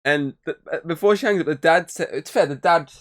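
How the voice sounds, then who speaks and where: A man's voice: a little fast, fairly bright tone. A man co-hosting a podcast, talking casually and at length about a film, swearing often. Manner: rambling, swears, mimics voices in high pitch. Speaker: podcast co-host. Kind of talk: casual movie review chat.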